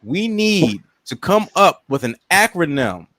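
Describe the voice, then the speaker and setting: A man's voice: a little high, big pitch swings, measured pace, fairly bright tone, dry recording. Loose joking man hosting, dry sound. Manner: loose, joking, reads comments aloud. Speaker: podcast host. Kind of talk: casual comedic chat.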